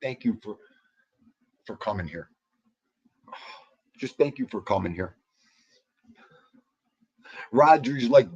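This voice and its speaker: Male livestream host, husky, lively, slightly dull lo-fi sound. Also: mid-range voice, takes it slowly, pauses often. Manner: animated, jokey, greets chatters by name. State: out of breath. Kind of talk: casual livestream chat.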